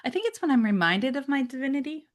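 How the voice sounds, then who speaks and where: An American woman talking casually as a guest, animated and laughing often, sometimes dropping to a soft near-whisper. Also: high-pitched, quick pace. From United States. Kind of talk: casual conversation.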